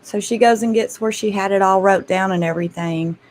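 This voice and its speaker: A woman's voice: medium pitch, a little fast, a little mellow, slight background noise, poor audio. A woman, a grandmother and channel host, chatting casually and laughing often as she tells stories to her viewers. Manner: chatty, laughs often, addresses listeners as y'all.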